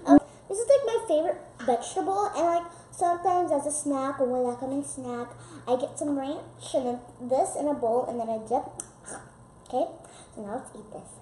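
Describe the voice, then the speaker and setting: A woman vlogging casually as she tastes foods, chatty and excitable, with lots of "like" fillers. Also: sits high, echoey room, a little hiss or hum. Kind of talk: casual food-tasting vlog.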